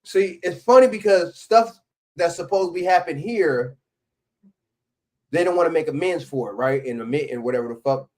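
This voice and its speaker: A man's voice: fairly high pitch, lively intonation, normal speed. A man hosting a livestream, reacting to clips with casual, profane, heated ranting and lots of fillers and restarts. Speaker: livestream host.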